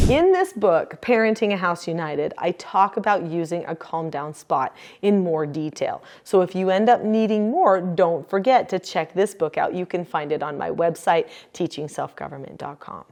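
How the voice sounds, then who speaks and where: A middle-aged woman explaining parenting methods to camera in a calm, measured way. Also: fairly low pitch. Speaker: parenting educator. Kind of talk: instructional talk to camera.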